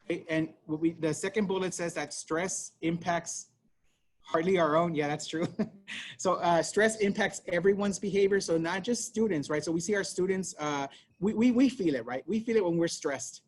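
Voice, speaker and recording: A man with a fairly high voice leads an online parenting workshop. He talks fast and casually, checking in with "right?" as he goes. There is faint background noise on the video call audio. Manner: talks fast, conversational, many fillers and "right?".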